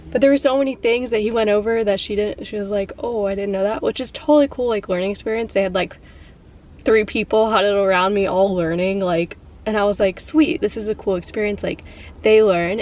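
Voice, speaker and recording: Talking to camera in a casual vlog, a young woman rambles emotionally, close to tears and leaning heavily on "like." Her medium-pitched voice is fairly even, brisk and somewhat dark, and the audio quality is poor.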